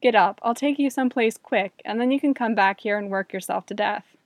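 A woman's voice: medium pitch, a little fast, no room sound, lightly acted. A woman voicing a charming, slightly nervous young man in a read-aloud story, playful and coaxing.

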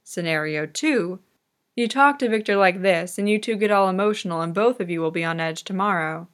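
A woman's voice: medium pitch, brisk, lightly acted. A woman voicing a cheerful, teasing young male figure skater in a fan audiobook reading. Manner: teasing, playful.

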